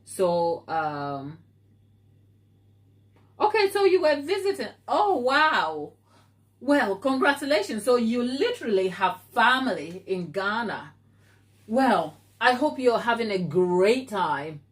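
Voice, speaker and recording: A woman's voice: a little high, very animated, takes it slowly. Chatty woman baker reading live comments. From Africa. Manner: chatty and playful, teasing viewers by name. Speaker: baker hosting a live stream. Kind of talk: casual live-stream chat reading viewer comments. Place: home kitchen.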